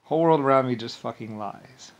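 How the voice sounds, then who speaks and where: A man's voice: medium pitch, fairly quick. Angry ranting man, profane and repetitive. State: agitated and angry. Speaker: vlogger. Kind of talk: angry rambling monologue.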